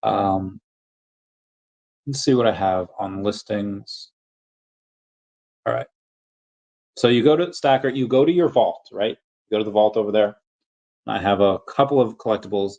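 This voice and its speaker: A man's voice: fairly low pitch, a little slow, gravelly, pauses often, darkish tone, highs cut off. A man hosting a casual livestream, answering chat questions in a rambling, self-correcting way.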